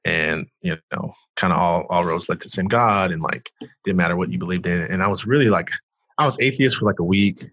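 A man's voice: low voice, fairly quick, fairly bright tone, no room sound, muffled recording. A young man, a pastor from Detroit, earnestly telling his personal story as a podcast guest. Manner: earnest storyteller, rises when reliving the moment. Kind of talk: emotional personal testimony.

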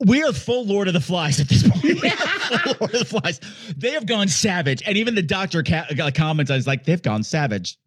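A man's voice: sits high, slightly rough. A man co-hosting a podcast, joking and laughing as he riffs through a bad old movie. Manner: animated, joking, quick to laugh. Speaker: podcast co-host. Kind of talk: casual movie riffing.

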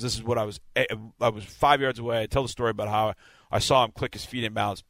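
A man, a sideline reporter, telling a game story in a casual, animated way on a sports podcast. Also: medium pitch, a little fast, no echo. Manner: animated, vivid play-by-play retelling.

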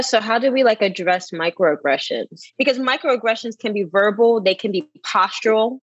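A woman guest giving measured, advisory explanations on a podcast. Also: mid-range voice, no echo, lo-fi sound. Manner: measured, advisory, clear points. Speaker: expert guest.

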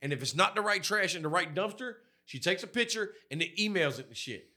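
A man's voice: high-pitched, animated, brisk. A man, co-hosting a podcast and telling profane work stories, acting out the people he quotes. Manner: profane storyteller, acts out quotes loudly. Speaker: podcast co-host. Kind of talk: crude casual chat.

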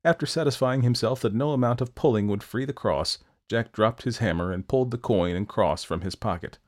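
A man narrating a folktale in a steady, expressive storytelling manner. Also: mid-range voice, fairly quick.

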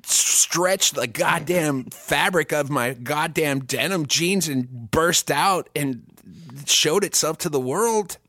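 A man co-hosting a comedy podcast, telling crude, profane stories with animated delivery. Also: a little high, takes it slowly, no echo. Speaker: podcast co-host. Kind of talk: casual comedic chat.

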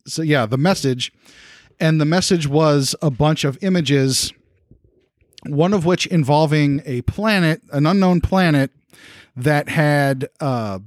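A man running a tabletop game as game master, recapping the last session in a laid-back, halting way with many fillers. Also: on the high side, no echo, clean studio sound.

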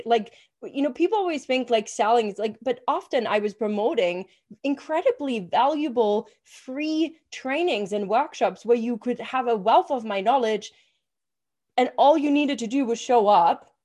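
A young adult woman with a voice on the high side co-hosts a casual podcast as a business coach. She's energetic, swears freely, and leans heavily on "like" as filler.

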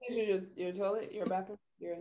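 A woman's voice: medium pitch, fairly even intonation, fast, dark tone, muffled recording. Laid-back woman in a podcast chat. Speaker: podcast co-host. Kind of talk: casual chat.

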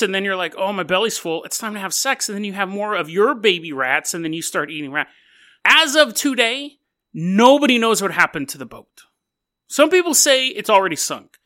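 Man, podcast host, high voice, bright and forceful, jokey, laughs a lot. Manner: laughs often, jokey and animated. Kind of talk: casual storytelling podcast.

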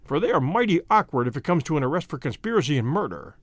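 A man reading a storybook, voicing a cheerful, debonair detective who speaks in a measured, wry way. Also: fairly high pitch, very animated, dry recording. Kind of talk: audiobook character voice.

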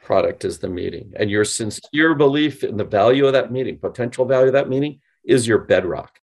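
A man being interviewed on a podcast, explaining with animated, demonstrative delivery and acting out example phone lines. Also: medium pitch, fairly quick. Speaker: guest, sales company CEO.

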